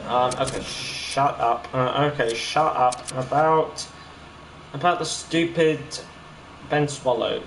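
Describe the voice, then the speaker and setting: A man streaming a game, rambling and halting with many fillers as he plays. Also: mid-range voice. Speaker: gaming streamer. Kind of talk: casual gameplay commentary. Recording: roomy echo with loud ambient noise.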